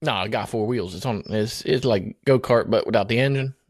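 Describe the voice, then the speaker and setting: Recorded in a clean studio with no room sound, this lowish, slightly fast male voice belongs to a podcast guest in character. He puts on a Southern accent to play a slow-witted country type, rambling, drawling, giggling, and having fun.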